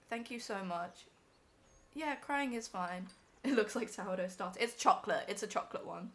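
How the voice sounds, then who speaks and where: A woman's voice: mid-range voice, animated, measured pace. A young woman on a live stream, emotional and teary as she talks to her chat from home.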